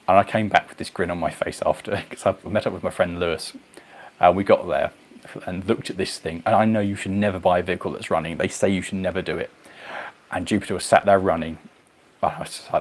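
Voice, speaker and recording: A man's voice: low-pitched, fairly quick. Rambling man chatting on a livestream. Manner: rambling, animated, goes off on tangents. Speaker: livestream host. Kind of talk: casual chat reading viewer comments.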